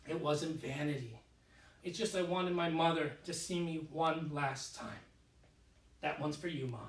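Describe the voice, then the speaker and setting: Petulant young deposed emperor, comic monologue; high, bright voice, recorded in an echoey room. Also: male voice. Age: 30s. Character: vain, childish deposed emperor, young man, self-pitying. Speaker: solo stage performer. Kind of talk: solo theatre monologue. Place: living room. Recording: echoey room, mic far off.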